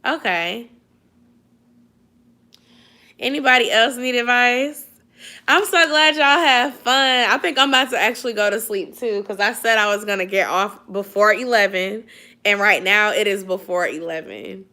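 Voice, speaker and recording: On a laid-back late-night YouTube stream, a young Atlanta-area woman reads comments from viewers and dishes out sisterly advice, sleepy and yawning as she goes. Her mid-range voice is steady and pushed bright, at a moderate pace.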